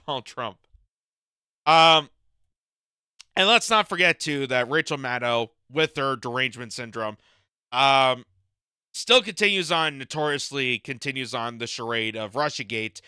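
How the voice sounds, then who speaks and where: Canadian-raised male commentary host, smooth and clear voice, sharp mocking delivery. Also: mid-range voice, animated, measured pace, pauses often, dry recording. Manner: mocking and exasperated, laughs at his own jokes. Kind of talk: opinion commentary on video.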